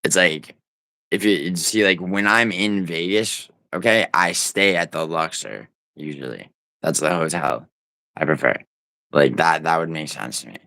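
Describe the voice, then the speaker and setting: A man's voice: extremely low pitch, a little slow, vocal fry, sharp tone, no echo. A man livestreaming from home, rambling and teasing his viewers in profane, casual banter as he reads the chat. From United States.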